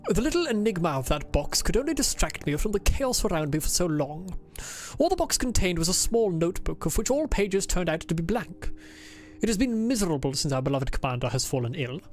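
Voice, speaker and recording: A woman's voice: fairly low pitch, sing-song, a little fast, faint music behind. A woman voicing a pompous, insufferable male officer as she reads his game diary aloud in a stiff, formal put-on accent.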